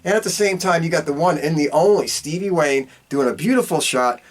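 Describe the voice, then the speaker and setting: A man hosting a podcast, casually recapping a film in an animated, profane storytelling manner with big swings in pitch and a repeated catchphrase. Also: a little fast. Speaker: podcast host.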